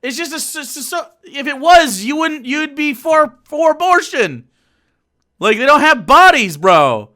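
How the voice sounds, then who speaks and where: Animated, bright-voiced ranting man. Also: very high voice, unhurried. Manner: profane, exasperated, laughing mid-rant. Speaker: streamer. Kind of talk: ranting reaction stream.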